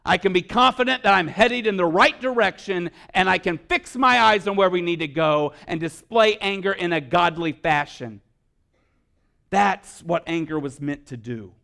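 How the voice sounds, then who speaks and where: A man delivering a sermon in a fairly high voice. He drops to quiet, soft-spoken stretches, then climbs into loud, fervent preaching. His delivery is earnest and direct to the congregation. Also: moderate pace, gravelly. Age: adult with children. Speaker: pastor.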